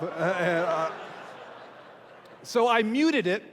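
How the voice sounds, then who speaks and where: A man's voice: high-pitched, expressive, takes it slowly, noisy background. A man, a pastor, telling a self-mocking story to a church audience and acting out the voices he quotes. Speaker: pastor and small group speaker. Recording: long hall reverb from a live venue.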